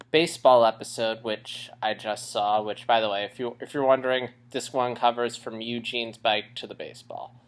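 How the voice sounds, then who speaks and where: A man's voice: mid-range voice, smooth. Slightly winded young man rambling casually. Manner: rambling, with restarts and shifts in loudness. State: a little out of breath after a run. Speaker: vlogger reviewing a cartoon series. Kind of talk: casual unscripted rambling vlog.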